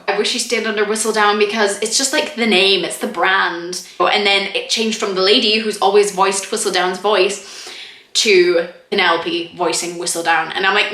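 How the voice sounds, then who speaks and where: A young woman talks casually into the camera about a series she just watched, her voice bright and forceful. She fills her talk with "like" and acts out lines in mock voices between little laughs. The room around her rings with echo. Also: mid-range voice. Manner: chatty, lots of "like", quick laughs and mock quotes. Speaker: TV review vlogger. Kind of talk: casual review chat to camera. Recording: echoey room.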